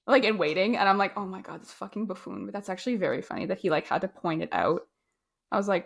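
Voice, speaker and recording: A young woman co-hosts a podcast and talks in blunt, sardonic casual chat, mocking characters and swearing freely. Her voice sits at a middle pitch. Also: quick pace, gravelly, husky. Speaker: podcast co-host. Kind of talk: casual movie review chat.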